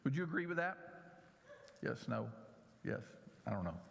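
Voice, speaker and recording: A man teaching a church Bible lesson, slow and emphatic, drawing out key words and asking the audience questions. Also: mid-range voice, big pitch swings, creaky. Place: church hall. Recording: long hall reverb.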